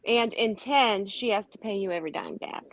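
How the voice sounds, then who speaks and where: A woman's voice: mid-range voice, normal speed, a bit bright, no echo, poor audio. A woman speaking as an outspoken, emphatic panel guest in a casual livestream chat.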